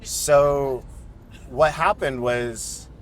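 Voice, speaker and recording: A man's voice: medium pitch, extremely slow, a little hiss or hum. A man in a car chatting on a podcast, his voice sitting in an ordinary middle register. He tells stories in a casual, rambling way and throws himself into the voices of the people in them. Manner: animated storyteller, acts out quoted voices loudly. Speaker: podcast co-host. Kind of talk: casual storytelling chat. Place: inside a moving car.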